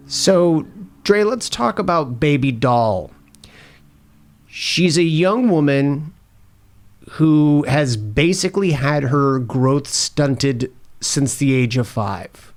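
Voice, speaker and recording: A podcast host sets up questions in a measured, unhurried way. The pace is slow and the pitch moderate. They lead the discussion calmly.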